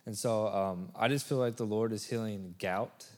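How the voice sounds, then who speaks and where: A man's voice: fairly low pitch, normal speed. Hesitant man sharing healing words. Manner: hesitant, many uh fillers. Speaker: prayer minister.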